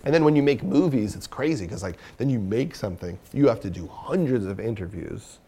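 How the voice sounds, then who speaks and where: A man's voice: lowish voice, lively intonation, a little fast, mellow, slightly rough. A man speaking as an interview guest, a filmmaker and comedian talking candidly and self-critically, thinking aloud.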